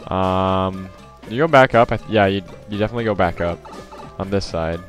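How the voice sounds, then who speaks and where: A man's voice: low-pitched, brisk, soft background music. A man giving casual gameplay commentary as a let's play host, rambling with lots of fillers and self-corrections.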